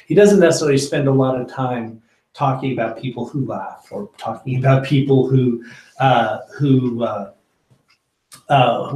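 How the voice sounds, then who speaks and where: Male pastor, casual Bible-study teacher, chatty and halting, mid-pitched, roomy echo. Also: a little mellow. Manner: conversational, many fillers and restarts. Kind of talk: informal Bible teaching with discussion.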